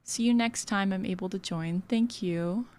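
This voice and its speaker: A woman's voice: mid-range voice, moderate pace, darkish tone. A woman streamer chatting casually while building in a game, giggly and full of fillers. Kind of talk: casual gaming stream chat.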